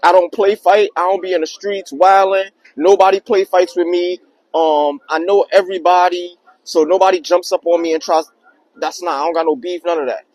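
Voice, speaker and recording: A young man telling a personal story in a casual, slangy, animated way on his vlog. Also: high-pitched, moderate pace, no room sound, rough recording. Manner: slangy, animated retelling with acted quotes.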